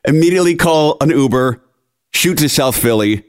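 A man's voice: fairly low pitch, animated, fairly quick. A young man hosting a podcast, telling an exasperated, ranting story in casual chat. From Philadelphia area. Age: young adult. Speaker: podcast host.

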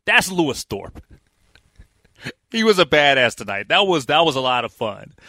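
A man hosting a talk radio show, recapping a baseball game in an energetic, chatty way with quick asides. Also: mid-range voice, no echo. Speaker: sports talk radio host. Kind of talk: casual radio sports recap. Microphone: studio microphone.

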